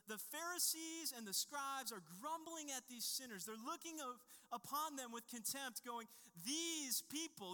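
A man with a high, very bright voice delivers a sermon, talking in an easy, anecdotal way and restarting phrases as he goes. His voice rings out with a long reverb in a large church hall. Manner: conversational, anecdotal preaching with frequent restarts. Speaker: pastor.

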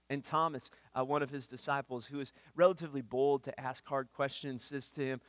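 A man's voice: medium pitch, steady tone, a little fast, hardly any pauses, dry recording. Guy preaching, earnest, kinda stumbly on words, dry close sound. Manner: earnest, repeats words when starting phrases. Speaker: pastor. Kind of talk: sermon. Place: church.

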